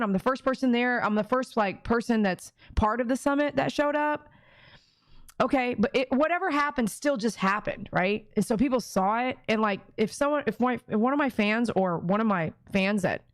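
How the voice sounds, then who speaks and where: A woman's voice: fairly high pitch, no echo. A woman dog groomer chatting on her live stream, reading viewer comments aloud and talking emphatically, often checking that viewers agree.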